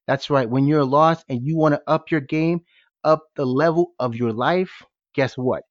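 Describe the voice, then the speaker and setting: A man hosting a podcast with high energy, firing rhetorical questions at his listeners. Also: normal speed, no room sound. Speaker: podcast host. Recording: dull, dry lo-fi sound.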